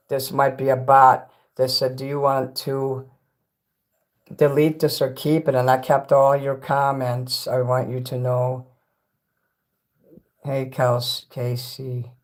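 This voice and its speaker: A man chatting loosely with his viewers on a livestream, rambling and swearing. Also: medium pitch. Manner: rambling and profane, talks straight to chat. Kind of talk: casual livestream chat with viewers. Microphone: phone.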